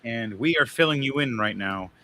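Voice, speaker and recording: A man's voice: medium pitch, expressive, moderate pace, sharp tone, slight background noise. A man narrating as game master, rambling and often laughing.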